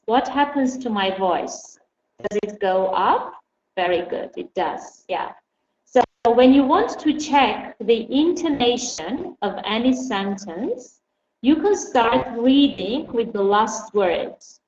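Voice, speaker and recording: A woman teaching a class online, explaining slowly and patiently and putting questions to her students. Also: fairly high pitch, animated, darkish tone. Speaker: English teacher. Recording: dull echoey room with faint hum.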